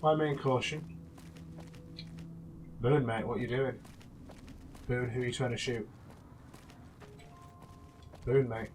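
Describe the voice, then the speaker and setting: A man's voice: medium pitch, measured pace, pauses often, slight background noise. A young man giving casual, chatty gameplay commentary, teasing and rambling with frequent restarts. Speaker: let's play gamer.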